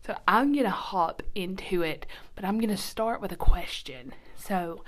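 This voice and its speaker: A woman hosting a casual devotional podcast, chatty and upbeat, often dropping to a soft whisper, recorded in a quiet church nursing room. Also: mid-range voice, animated, normal speed. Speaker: podcast host.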